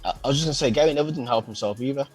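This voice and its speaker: A man co-hosting a casual football podcast, talking in animated, slangy, opinionated bursts. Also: mid-range voice, very fast, loud music behind the voice, poor audio. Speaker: podcast co-host.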